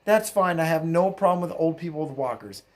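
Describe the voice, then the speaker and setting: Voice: mid-range voice, animated, brisk. A political commentator ranting mockingly in a solo video, breaking into laughter often.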